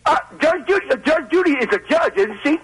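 A man, calling in to a radio show and arguing in a folksy, animated way. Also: very high-pitched, a little fast, low-quality recording. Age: 70s. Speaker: caller. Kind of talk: call-in radio debate.

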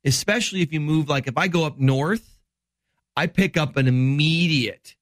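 A man's voice: a little high, normal speed, a bit bright, dry recording, studio quality. A middle-aged man from Wisconsin, a doctor hosting a health show, explaining news in rambling, enthusiastic casual chat.

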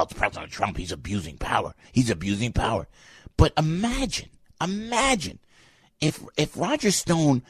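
A man hosting a talk radio show, giving a fired-up, rambling opinion monologue that swings from loud outbursts to low asides. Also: slightly rough, no echo, studio quality.

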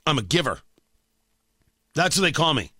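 A man's voice: on the high side, very animated, moderate pace, sharp tone, no room sound, studio quality. A man hosting a morning radio show, joking and stammering as he chats. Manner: joking, stammering, repeats words. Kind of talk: casual morning radio chat.

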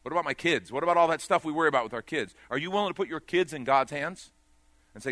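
A man's voice: quick pace, dry recording. Male pastor, sermon delivery, dynamic swings, dry close-miked sound. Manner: swings between loud urgent peaks and quiet low asides.

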